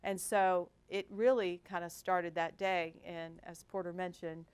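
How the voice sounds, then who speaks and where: A woman's voice: fairly low pitch, measured pace, clean tone. A middle-aged woman, a hospital executive, giving a talk and telling workplace stories with humor, acting out the voices she quotes. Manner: animated, acts out quoted voices, self-deprecating humor. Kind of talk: storytelling business talk. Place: lecture event.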